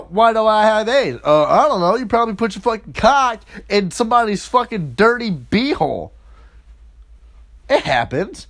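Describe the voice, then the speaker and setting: A man's voice: high-pitched, fairly bright tone. A man hosting a podcast episode, delivering a profane, mocking comic rant and jumping in and out of quoted voices. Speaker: podcast host.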